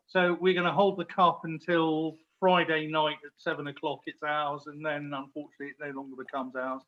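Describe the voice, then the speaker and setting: A man's voice: fairly high pitch, little pitch movement, fairly quick, dull audio. A man from London, a guest on a soccer podcast, chatting in an upbeat way over a video call. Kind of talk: casual roundtable chat.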